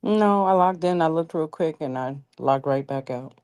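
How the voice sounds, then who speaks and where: Woman with a real low voice, chatting, keeps answers short. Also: moderate pace, a little mellow, clean tone. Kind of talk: casual chat.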